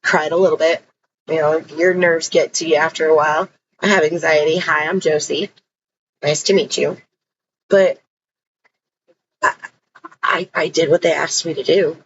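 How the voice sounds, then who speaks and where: A woman's voice: sits low, steady tone, normal speed, pauses often, lo-fi sound, a little hiss or hum. Blunt, swearing woman telling her story. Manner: blunt, emphatic, swears freely. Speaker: storyteller recounting her own experience. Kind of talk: casual personal storytelling.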